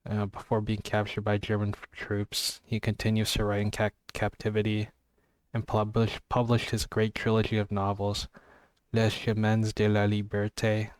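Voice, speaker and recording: A man's voice: on the low side, completely flat delivery, normal speed, clear, resonant tone, no room sound. A young man reading book blurbs aloud in a casual vlog, with offhand jokey asides and stumbles over words. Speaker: book vlogger.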